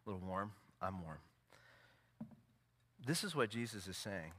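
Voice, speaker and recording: A man preaching a sermon as pastor, swinging from loud, emphatic peaks to low, intimate asides. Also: lively intonation, a little slow, a little hiss or hum. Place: church sanctuary.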